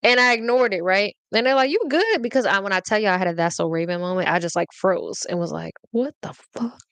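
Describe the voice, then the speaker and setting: Animated woman podcast host spilling a story. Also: lowish voice, fast talker, clean tone, no room sound. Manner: animated, slangy, keeps checking in with listeners. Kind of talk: casual confessional storytelling.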